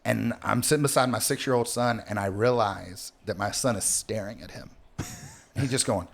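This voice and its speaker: A man in his thirties, a comedian guest on a podcast, telling family stories in an animated way with quick restarts. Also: lowish voice, creaky.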